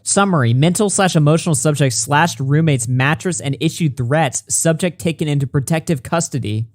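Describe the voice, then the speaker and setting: A man's voice: on the high side, dry recording, clean studio sound. Profane man reading messages aloud. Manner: blunt, profane, reads texts quickly. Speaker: commentary channel host.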